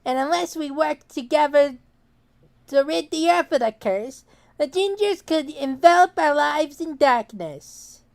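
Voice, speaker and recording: A man's voice: very high-pitched, expressive, a little slow, gravelly, exaggerated voice. A man voicing a smug, hateful schoolboy who delivers a class speech in a nasal, sneering, mock-solemn way. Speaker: student speaker. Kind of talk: cartoon voice acting.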